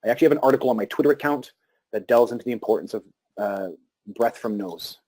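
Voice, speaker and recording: A man giving a live talk to an audience about meditation and breathing, speaking calmly with pauses and restarts. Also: medium pitch.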